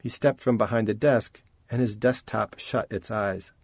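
A man narrating an audiobook in a measured, expressive storytelling manner. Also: on the low side, no echo. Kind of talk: scripted narration.

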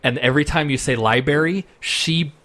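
A man's voice: on the high side, moderate pace, fairly bright tone. A young man co-hosting a podcast in casual chat who laughs often and jumps into silly voices. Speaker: podcast co-host.

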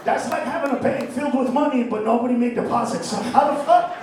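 A male stand-up comedian working a live club crowd, profane and prone to loud shouting rants. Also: very high-pitched, fast talker. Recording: echoey live club, distant mic, crowd noise.

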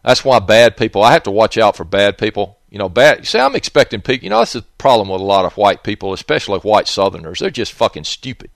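A Southern-accented man talks in a blunt, profane ramble, his pitch rising and falling with lively swings. He wanders off on tangents and cusses freely. The sound is dry and close. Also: fast, gravelly, few pauses, no echo. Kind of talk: rambling casual monologue.

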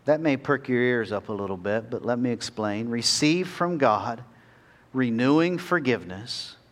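A man preaching a sermon as a pastor, earnest, climbing to pleading peaks and then dropping soft and slow. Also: medium pitch, lively intonation.

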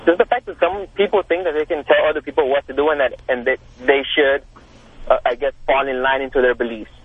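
Husky rambling male caller on the phone. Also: medium pitch, steady tone, fast talker. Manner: earnest, rambling. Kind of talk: call-in talk radio. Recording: tinny phone line.

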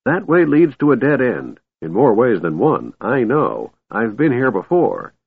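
A man's voice: medium pitch, very animated, unhurried, gravelly, breathy edge, voice pushed up, heavily acted. A man voicing a doddering, cheerful old male wizard who rambles and insists, on a tinny, dry recording. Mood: insistent.

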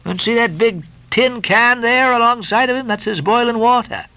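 A man's voice: very high voice, normal speed, sharp tone, dry recording, pitched above the performer's own voice, heavily acted. A man voicing a jovial, joking male ship's mate in a read-aloud story.

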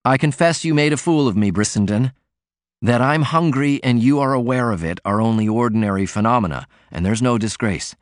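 A man's voice: mid-range voice, a little fast, no echo, clean studio sound, close to an everyday voice. A man voicing a proud, poor young man who talks earnestly and defensively.

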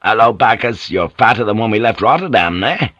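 A man voicing a steady, dry-humored English ship's pilot in an audiobook, speaking calmly and wryly. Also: on the low side, a little fast, no room sound, muffled recording. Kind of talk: audiobook character voice.

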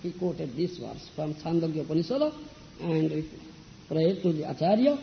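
A man's voice: on the high side, animated, moderate pace, gravelly. A man teaching as a spiritual teacher in a religious discourse, often asking his listeners if they understand. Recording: dull lo-fi echoey hall with faint noise.

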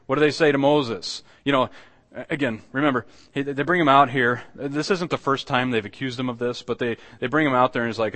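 A man's voice: medium pitch, fairly even intonation, fairly quick, fairly bright tone. A man preaching a sermon as pastor, conversational and earnest, asking the congregation rhetorical questions. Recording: long hall reverb.

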